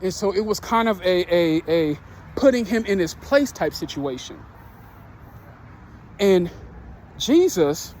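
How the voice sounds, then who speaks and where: A man preaching a sermon, retelling a Bible story in an earnest, halting way with frequent restarts. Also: high-pitched, darkish tone, slight background noise.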